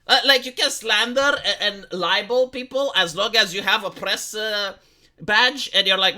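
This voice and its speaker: A man's voice: sits high, normal speed, sharp tone. A man from Romania giving an opinionated political monologue to his viewers, ranting with frequent restarts. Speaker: political commentator streamer.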